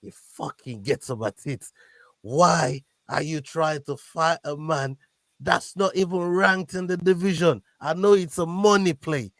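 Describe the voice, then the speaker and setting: A fairly high-voiced man co-hosting a casual combat sports podcast, talking in an animated and excitable way. He stammers and restarts when he gets worked up. The sound is close and dry. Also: measured pace, vocal fry, no room sound. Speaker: podcast co-host. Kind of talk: casual MMA chat.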